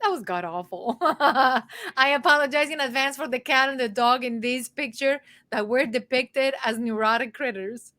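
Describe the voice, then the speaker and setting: Self-deprecating woman co-host, slightly high voice, casual. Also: lively intonation, moderate pace, bright, forceful tone. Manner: rambling, giggly, self-deprecating. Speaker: podcast co-host. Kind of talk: casual chat.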